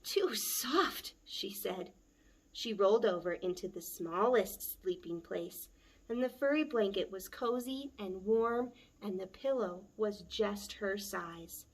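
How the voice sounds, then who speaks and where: Gentle, slow-reading librarian woman. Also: mid-range voice. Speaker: children's librarian. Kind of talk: story time read-aloud.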